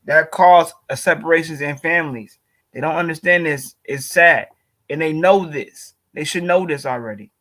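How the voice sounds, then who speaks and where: A man's voice: on the high side, normal speed, sharp tone. A man giving casual commentary over a video, heated and profane, full of slang and repeated lines.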